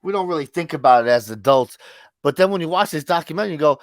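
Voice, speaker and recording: Lively, laughing podcast co-host man. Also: a little high, no echo, clean studio sound. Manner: laughing, agreeable, quick interjections. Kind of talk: casual chat.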